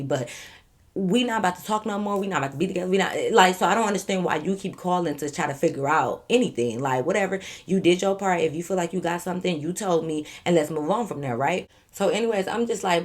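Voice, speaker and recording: Lower-voiced woman telling a storytime. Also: fast. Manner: animated, blunt and profane; addresses viewers directly. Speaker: YouTube storyteller. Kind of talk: casual storytime vlog.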